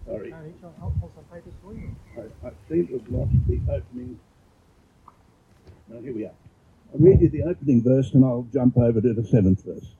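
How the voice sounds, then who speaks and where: A man giving an informal explanatory talk and reading poetry aloud, halting and often repeating words as he goes, measured when he reads verse. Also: mid-range voice, huge pitch swings, vocal fry, warm tone, slight background noise. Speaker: presenter. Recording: dull lo-fi recording.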